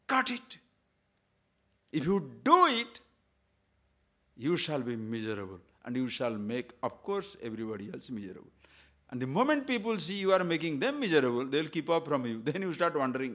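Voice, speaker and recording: A man's voice: mid-range voice, sing-song, a little fast, fairly bright tone. A man giving a discourse on scripture as a spiritual teacher, emphatic and full of rhetorical questions, sometimes chanting verses in Sanskrit.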